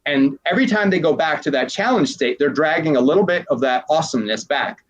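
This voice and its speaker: A man, a transformational coach, talking casually in an interview, rambling and animated as he acts out little quoted exchanges. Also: on the high side, fast, poor audio.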